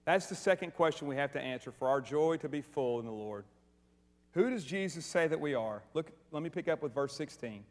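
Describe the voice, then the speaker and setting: A man preaching a sermon in a church, energetic and conversational, mixing humor with repeated questions to the congregation. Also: medium pitch, moderate pace, big-room sound. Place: church sanctuary.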